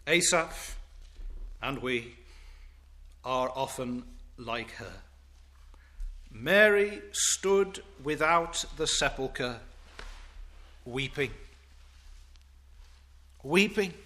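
A male preacher delivering a sermon, swinging from loud declaiming to hushed reverence. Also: medium pitch, animated, drawn-out words, pauses often.

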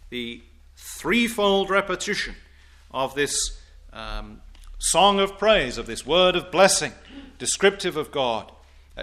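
A man preaching a sermon, deliberate and emphatic, with formal, old-fashioned wording and rising declamation on scripture quotes. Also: medium pitch, pushed and bright.

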